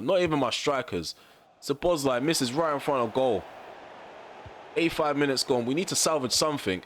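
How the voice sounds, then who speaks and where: A man's voice: a little high, slight background noise. Young Londoner narrating his football game. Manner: exasperated ranting at the referee, shouting; calm recap to viewers. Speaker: gaming YouTuber. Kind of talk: gameplay commentary.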